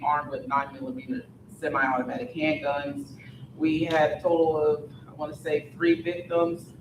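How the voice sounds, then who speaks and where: Male detective, slightly high voice, reading crime figures in a worn-out, matter-of-fact way; echoey room, distant noisy mic. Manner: tired, plain report with small stumbles. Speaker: police detective. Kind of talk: public forum briefing. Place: community meeting room.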